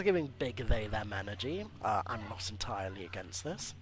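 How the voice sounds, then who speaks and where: A man's voice: lowish voice, very animated, normal speed, hardly any pauses, low-quality recording. A man hosting a let's play, reading hero bios aloud and joking between them in a chatty way. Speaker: gaming channel host.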